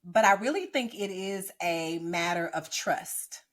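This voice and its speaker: A woman's voice: lowish voice, measured pace. A woman podcast host and pastor giving earnest, exhorting encouragement, often checking in with "right?". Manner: preachy, exhorting, frequent "right?". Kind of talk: encouraging ministry podcast talk. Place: boardroom.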